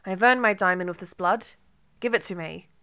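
A woman's voice: medium pitch, steady tone, brisk, a bit bright, smooth, lightly acted. A woman reading an audiobook voices a violent, menacing young man who snarls threats. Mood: cold.

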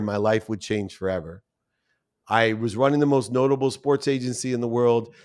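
A man in his fifties, a podcast guest, telling a personal story with feeling and acting out the people he quotes. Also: mid-range voice. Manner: emotional, acts out quoted voices.

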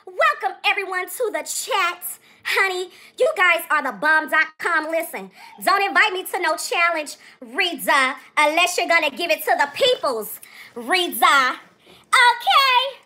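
Very high, lively, sassy woman livestreamer. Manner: theatrical and sassy, with drawn-out exclamations. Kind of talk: livestream chat.

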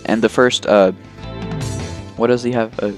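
A man talking through a video game in a casual, rambling way, full of fillers and self-deprecating jokes. His pitch sits in an ordinary middle range. Faint game music plays underneath. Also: steady tone, measured pace. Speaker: let's play host. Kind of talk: casual gameplay commentary.

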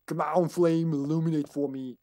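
A man's voice: on the high side, steady tone, unhurried, dark tone, dry recording. A man streaming a video game live, chatting casually, giggling often and talking to the game and his cat. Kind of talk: casual gaming commentary.

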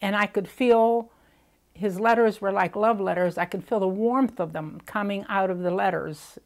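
An older woman reminiscing in a documentary interview, speaking haltingly and repeating words when she is moved. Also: medium pitch. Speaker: widow recalling wartime letters.

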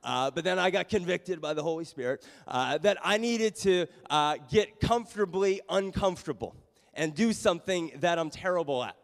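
Pastor, man, high voice, sermon delivered as an animated, self-deprecating story; long church reverb. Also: moderate pace, gravelly. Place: church sanctuary.

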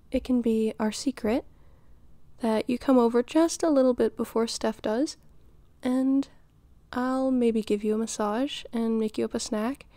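A woman's voice: fairly high pitch, dark tone, no room sound. Woman playing a doting, flirty friend's mom. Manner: nurturing, teasing, giggly, flustered. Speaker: voice actor in audio role-play. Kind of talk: audio role-play.

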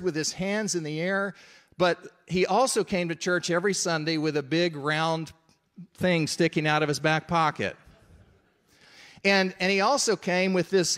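Middle-aged male preacher, storytelling sermon, conversational, slightly high voice. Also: fairly bright tone. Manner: conversational, checks in with the audience.

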